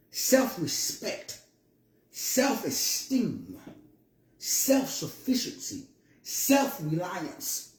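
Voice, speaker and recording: A man's voice: sits high, dark tone, roomy sound. A man giving a motivational monologue in a preachy, playful way with slangy asides. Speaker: motivational speaker.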